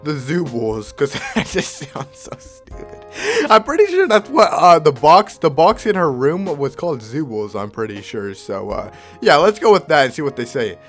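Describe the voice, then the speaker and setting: Animated young man reading a story game. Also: medium pitch, normal speed, hardly any pauses, faint music behind. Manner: animated, laughing, excitable outbursts. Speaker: gamer playing a story game. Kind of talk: reading a game aloud with live reactions.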